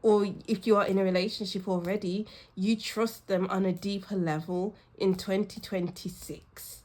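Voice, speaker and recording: A woman's voice: medium pitch, steady tone, moderate pace, a little mellow. A woman giving a casual pick-a-card tarot reading, effusive and emotional, laughing often as she talks straight to the viewer. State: teary at times. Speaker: tarot reader.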